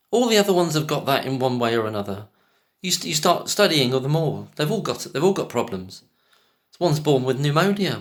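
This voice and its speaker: A man giving casual, scornful commentary on a podcast clip, cutting in with pointed questions. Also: mid-range voice. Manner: scornful, talks over clips with pointed questions.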